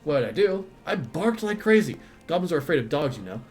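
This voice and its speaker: A man's voice: fairly high pitch, sing-song, a little fast, a little mellow, faint music behind. A man voicing a boastful, cheeky young female paladin telling a camp story.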